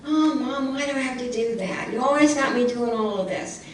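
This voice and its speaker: A woman's voice: on the high side, brisk, a little hiss or hum, lightly acted. A woman doing a whiny grumpy schoolgirl. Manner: whiny griping. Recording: echoey church hall from far off.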